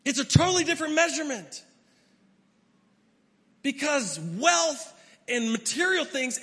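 Middle-aged male preacher, high bright voice, emphatic delivery, reverberant church hall. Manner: emphatic, swings from loud to hushed. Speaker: pastor. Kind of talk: sermon.

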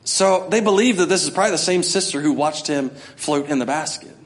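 A man's voice: a little high, a little fast. Conversational male pastor preaching a sermon. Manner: conversational preaching, acts out voices, builds to shouting.

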